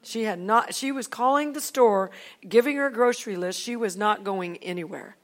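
A woman pastor telling a personal testimony in an animated way, with many restarts and acted quotes. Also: medium pitch, moderate pace.

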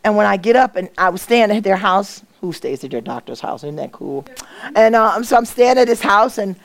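Middle-aged woman, church testimony, mid-pitched, reenacts dialogue, moves from hushed to loud. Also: moderate pace, creaky. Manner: animated storytelling, reenacts voices and dialogue; swings from hushed, tearful quiet to loud exclamations. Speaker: guest speaker sharing a testimony.

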